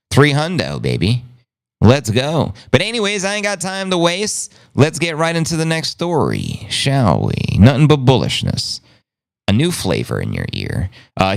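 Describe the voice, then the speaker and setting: A man's voice: mid-range voice, smooth. A man hosting a podcast, reading news with brash, jokey, slangy commentary. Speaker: podcast host.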